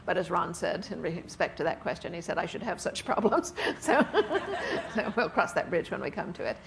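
This woman's voice is on the low side and gravelly, with big pitch swings and a moderate pace, against a noisy background. She's an author being interviewed on stage at a book festival event with an audience, chatting with lots of laughter and "uh" fillers.

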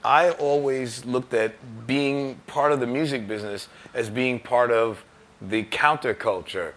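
Bright-voiced older man telling stories. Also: mid-range voice, unhurried. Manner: lively storyteller, jokes and acts out quotes. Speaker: musician guest. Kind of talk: animated anecdote in interview.

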